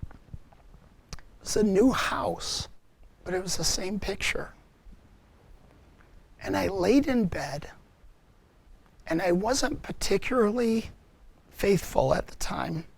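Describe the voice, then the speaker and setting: A man shares a personal witness with a group of parents. He talks slowly and earnestly, and his voice has a gravelly edge. He often pauses and restarts as he works out how to describe what happened. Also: high voice, animated. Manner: earnest, reflective storytelling with halting restarts. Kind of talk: personal testimony talk.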